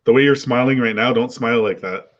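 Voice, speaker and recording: A man's voice: medium pitch, fast, fairly bright tone, lo-fi sound. A man hosting a casual panel chat, talkative and asking his guests questions over a video call. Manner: chatty, asks guests questions.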